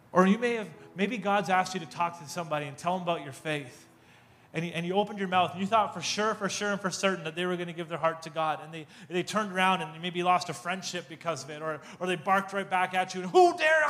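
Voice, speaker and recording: A man preaching a sermon, telling a story with animated, self-mocking humor and acting out the voices in it. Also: high voice, a little fast. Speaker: pastor.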